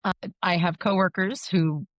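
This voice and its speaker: Woman, 30s, funeral director guest; frank, quick, laughs easily; lower register, dry close sound. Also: steady tone, no room sound. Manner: candid, quick, laughs often. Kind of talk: casual interview conversation.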